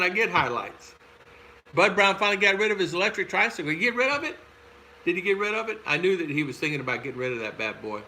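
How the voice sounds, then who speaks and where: A man's voice: fairly high pitch, sharp tone, slight background noise, low-quality recording. An older man with a Southern American accent, hosting a casual livestream and chatting through viewer comments with frequent chuckles. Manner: rambling, chuckles often. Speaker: host. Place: home in the Philippines.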